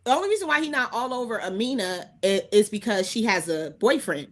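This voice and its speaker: A slightly high-pitched woman co-hosting a casual podcast. She talks in an animated, colloquial way, trading reactions with her co-hosts. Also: fairly quick. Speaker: podcast co-host. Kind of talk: casual chat.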